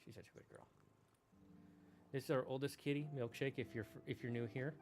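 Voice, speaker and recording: A man's voice: mid-range voice, fairly even intonation, brisk, a little mellow, faint music behind. A man streaming a game, chatting in a casual, rambling way and talking affectionately to his cat. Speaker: gaming streamer. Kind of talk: casual chat.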